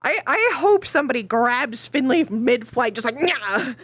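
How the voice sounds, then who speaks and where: Woman streamer, giggly VR role-play, very animated pitch, faint music behind. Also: normal speed, no room sound. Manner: silly, sing-song humming and giggling.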